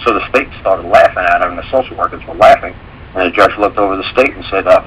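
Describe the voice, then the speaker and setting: A man with a fairly low voice tells stories on a talk radio show, rattling along at a brisk clip. He rambles and slips into the voices of the people he quotes. A faint hiss of noise sits under the recording. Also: fairly even intonation, fairly bright tone, low-quality recording. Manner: rambling storytelling, acts out quoted dialogue.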